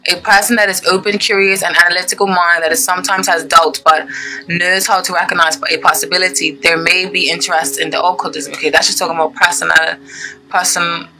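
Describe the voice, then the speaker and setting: Bright, chatty tarot reader with soft music. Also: mid-range voice, poor audio. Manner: chatty, rambling, many "okay?" check-ins; reads card meanings aloud between asides. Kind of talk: casual tarot reading to viewers.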